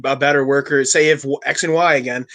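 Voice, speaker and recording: A man's voice: medium pitch, steady tone, fast talker, a bit bright. A man co-hosting a podcast in casual chat, pressing the others with playful questions. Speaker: podcast co-host.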